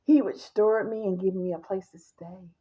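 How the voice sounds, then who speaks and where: A woman's voice: mid-range voice, fairly even intonation, normal speed, dark tone, breathy edge, highs cut off. A woman gives an emphatic personal testimony, talking straight to her listeners.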